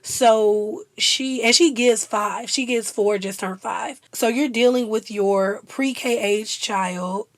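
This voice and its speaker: Young woman, chatty and animated, a bit high, dry close mic. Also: takes it slowly, hardly any pauses, dry recording. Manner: chatty, animated, laughs often. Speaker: vlogger. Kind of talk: casual chat.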